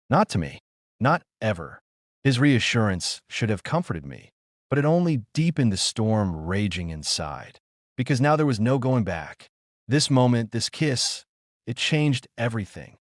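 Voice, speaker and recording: A man reading a first-person story in a smooth, even, unhurried way. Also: fairly low pitch, no room sound, clean studio sound.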